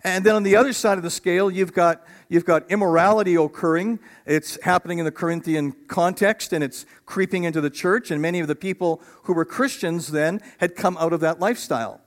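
A middle-aged man preaching a sermon as pastor, animated and acting out voices of biblical figures. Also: high-pitched, fairly quick, hardly any pauses.

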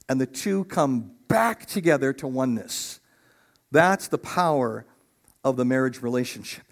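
A middle-aged man preaching a sermon as pastor, animated and acting out voices of biblical figures. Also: on the high side.

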